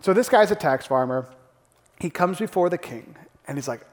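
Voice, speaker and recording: A male pastor preaching a sermon, animated, acting out the crowd's gasps and the characters' lines. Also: fairly high pitch, moderate pace. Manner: animated, acts out gasps and quotes. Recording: long hall reverb.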